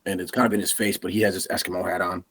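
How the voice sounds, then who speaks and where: A man on a podcast telling an animated hunting story, acting out the lines of the people in it. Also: low voice, very fast, husky. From Massachusetts. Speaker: podcast guest.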